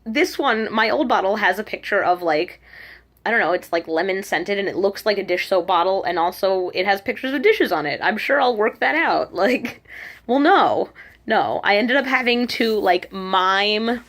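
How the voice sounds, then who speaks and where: A woman's voice: mid-range voice, moderate pace. A woman vlogging to a handheld camera, telling a casual story and animatedly acting out her own reactions. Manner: chatty, animated quoting of herself. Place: abroad in Korea, at home.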